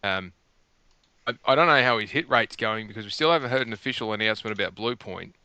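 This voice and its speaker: Bright-voiced dad host. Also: male voice, on the low side, quick pace, clear, resonant tone, no room sound. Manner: rambling, animated storytelling with restarts. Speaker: podcast host. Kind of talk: casual chat. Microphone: headset.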